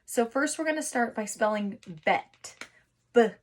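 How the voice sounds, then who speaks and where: A woman teaching young children to write, encouraging them and sounding out words slowly syllable by syllable. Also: a little high. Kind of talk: remote phonics and writing lesson for young children.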